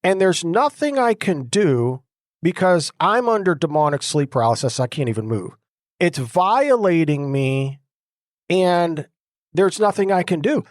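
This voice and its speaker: A middle-aged man telling his personal deliverance testimony in a casual, animated way, dropping slang like bro and dude. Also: fairly high pitch, a little slow, dry recording, studio quality. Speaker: exorcist sharing his testimony.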